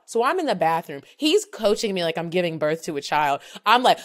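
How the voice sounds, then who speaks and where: A woman's voice: on the low side, sing-song, fast, hardly any pauses. A woman in her thirties telling a story frankly and with animation on a podcast, acting out both sides of the talk. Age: 30s. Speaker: podcast co-host. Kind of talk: casual storytelling chat.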